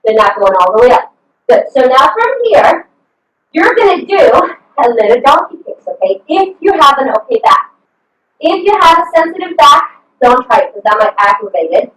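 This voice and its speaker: A woman's voice: high-pitched, big pitch swings, moderate pace, a bit bright. A woman fitness coach leading a live online workout, upbeat and encouraging, cheering her class on with whoops over a video call. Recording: echoey video call from a distant mic.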